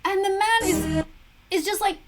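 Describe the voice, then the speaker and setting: A woman's voice: very high voice, a little slow, over music. A middle-aged woman giving preachy, earnest commentary on a video, full of rhetorical questions. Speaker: vegan commentator reacting to a video. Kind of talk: casual commentary to camera.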